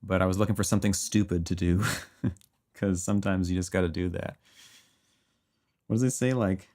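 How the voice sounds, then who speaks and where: Gravelly, deep-voiced male composer bantering with chat on a livestream. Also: fairly even intonation, moderate pace, a little mellow. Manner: laughs often and reads chat aloud. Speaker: composer streaming live.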